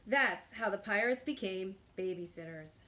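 A woman teacher reading a picture book aloud in a slow, expressive storytime manner. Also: mid-range voice, slight background noise.

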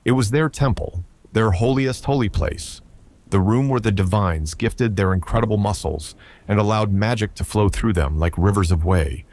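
A man narrating a science fiction story with a steady, even delivery. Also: on the low side, normal speed. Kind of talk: scripted narration.

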